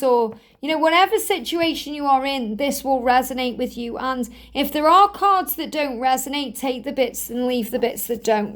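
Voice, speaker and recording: A woman with a high voice leads a spiritual card reading and speaks straight to her listeners. Her tone is soothing and reassuring, and she circles back over the same points to drive them home. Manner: soothing, reassuring, repetitive phrasing. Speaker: tarot card reader.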